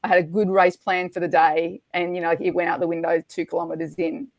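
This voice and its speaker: A middle-aged woman, a podcast guest, telling a race story in a lively, animated way and acting out the quotes. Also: fairly low pitch, a little fast, dry recording. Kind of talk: storytelling in casual chat.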